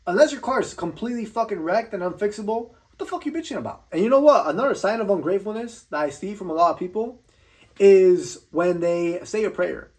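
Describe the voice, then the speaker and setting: A man's voice: high voice, expressive, a little fast, a little mellow. A young man giving a blunt, profane motivational rant, swearing constantly and tripping over repeated words. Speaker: vlogger.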